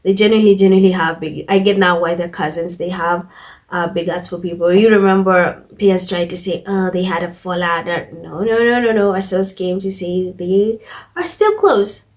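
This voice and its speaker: A woman hosting a commentary channel, reading out news quotes and then giving her own opinions in a casual, emphatic way, often repeating herself and pausing with fillers. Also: on the low side.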